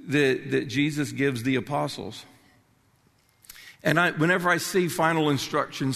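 Brief: older man, passionate pulpit preacher, gravelly voice, long hall reverb. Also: a little high, a bit bright. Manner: passionate, emphatic preaching with restarts. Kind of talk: sermon.

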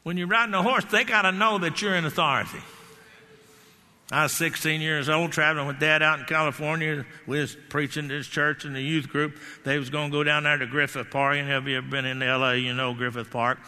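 A man preaching a sermon, telling animated stories and shouting declarations. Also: fairly high pitch, fairly quick. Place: church hall. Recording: hall reverb.

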